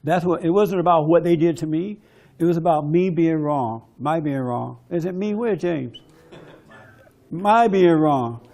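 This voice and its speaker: A man giving a forceful, preachy testimony talk at a men's conference. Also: a little high, a little slow, gravelly. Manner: preachy, forceful, mimics others in quoted bits.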